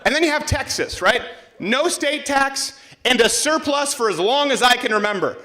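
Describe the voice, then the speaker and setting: A man's voice: extremely high pitch, expressive, normal speed, bright, forceful tone. A man hosting a live comedic talk show in front of an audience, brash and sarcastic, slipping into mocking voices. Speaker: host.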